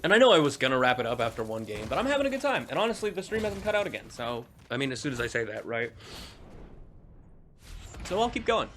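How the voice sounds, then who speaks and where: A young man streams a video game with a mid-range, slightly bright voice, talking fast and very animatedly over a faint hiss or hum. His live commentary is casual and rambling, full of jokes, swearing and frequent laughter.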